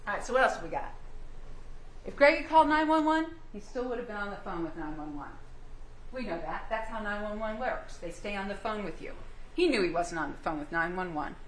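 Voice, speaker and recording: A woman's voice: medium pitch, expressive, a little fast. Emphatic woman prosecutor in echoey courtroom. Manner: emphatic, rhetorical questions. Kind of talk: courtroom closing argument. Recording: echoey courtroom with faint hum.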